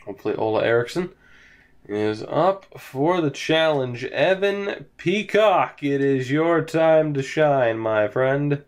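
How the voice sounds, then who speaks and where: A man's voice: a little high, expressive, takes it slowly. A young man casually commentating his hockey video game franchise at home, sighing, yawning and sounding resigned as his team loses. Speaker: gaming commentator. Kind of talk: casual let's-play commentary.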